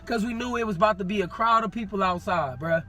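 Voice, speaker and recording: A man telling a story in casual talk, animated and full of street slang, acting out what people said. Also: high voice, fast, faint music behind. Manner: animated, acts out quoted dialogue, street slang. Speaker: podcast guest.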